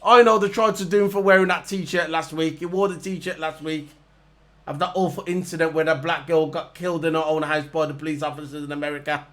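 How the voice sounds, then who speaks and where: A man's voice: a little high, fairly even intonation, brisk, fairly bright tone. A man, ranting in a heated, mocking way and repeating his points over and over. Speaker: vlogger reviewing races. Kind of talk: ranting casual monologue to camera.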